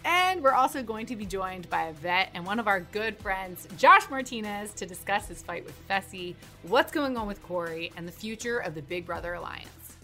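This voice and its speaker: A woman co-hosting a casual podcast, playful, giddy and quick to laugh. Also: medium pitch, expressive, bright, forceful tone, faint music behind. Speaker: podcast co-host.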